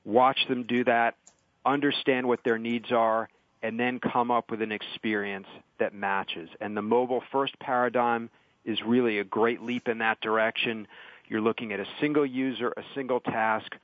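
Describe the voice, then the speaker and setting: A man speaking as a guest on a radio panel, explaining his ideas in a measured way. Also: mid-range voice, steady tone, no echo. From California. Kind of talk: remote radio interview. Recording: tinny phone-like line.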